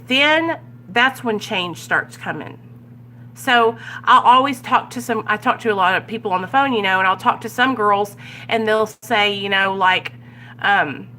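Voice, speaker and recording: Bright-voiced woman chatting about recovery. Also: medium pitch, unhurried, a little hiss or hum. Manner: candid, keeps checking in with "right?". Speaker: recovery vlogger leading a Big Book study. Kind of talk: casual chat.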